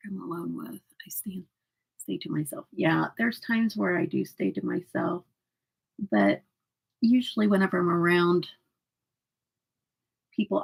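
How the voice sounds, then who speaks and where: A woman's voice: fairly low pitch, vocal fry, a little mellow, husky, poor audio. A woman hosting a casual makeup livestream, laughing often as she chats and answers viewer comments. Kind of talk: casual livestream chat while doing makeup.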